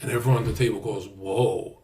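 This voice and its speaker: Young man, streamer, brash, swearing, mid voice, loud bursts. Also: medium pitch, normal speed. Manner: brash, profane, boastful, swings from mutters to loud outbursts. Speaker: livestreamer. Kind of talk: casual stream talk.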